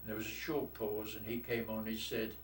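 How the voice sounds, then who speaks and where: The old London veteran, now in his eighties, talks a little fast with little pitch movement in a lowish voice, bluntly telling salty war tales for an oral history. A distant mic picks him up in an echoey space over a faint hiss.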